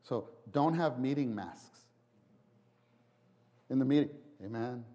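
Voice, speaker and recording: A man preaching a sermon, halting and repeating himself, then acting out quotes with sudden big jumps in voice. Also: mid-range voice, expressive, mellow. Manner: halting restarts, repeats words.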